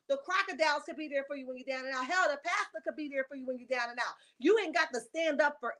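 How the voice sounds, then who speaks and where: A woman's voice: high-pitched, quick pace, hardly any pauses, a bit bright. Sassy woman gossiping on a livestream. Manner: sassy, emphatic, chatty, reads viewer comments aloud. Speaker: livestream host. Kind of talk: casual reality-TV gossip livestream.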